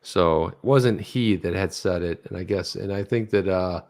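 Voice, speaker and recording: A man co-hosting a casual livestream chat, animated, telling stories and reading tweets aloud. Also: deep voice, moderate pace. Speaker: co-host of a crypto news livestream.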